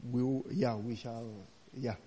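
A man's voice: medium pitch, fairly even intonation, measured pace, mellow, long reverb tail. A man preaching a storytelling sermon, chatty and laughing, often tagging lines with "you know, eh?".

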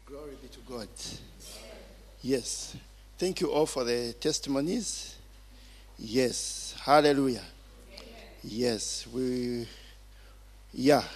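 A man preaching a sermon as pastor, speaking slowly and deliberately, often repeating phrases and interjecting praise. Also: mid-range voice, a little mellow, slightly rough. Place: church hall. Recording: long hall reverb.

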